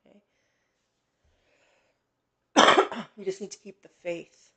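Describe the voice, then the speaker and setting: A woman hosting a psychic reading stream, gentle and reassuring, with many pauses and fillers. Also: medium pitch. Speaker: psychic medium host. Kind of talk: live-stream reading, casual chat.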